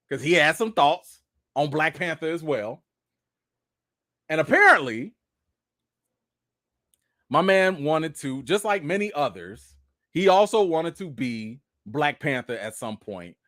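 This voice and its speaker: A young man hosts a casual live chat about film news and keeps talking straight to his viewers. His voice sits a little high and swings up and down a lot as he goes. The sound is dry and close, with no room around it. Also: dry recording. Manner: animated, talks straight to viewers with lots of "y'all" and "okay". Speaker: live stream host.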